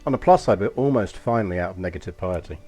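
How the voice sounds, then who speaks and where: A man with a softened London accent and a slight New York touch, chatting casually and swearing at the game as he thinks aloud while streaming. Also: sits low, animated, fast talker, soft background music.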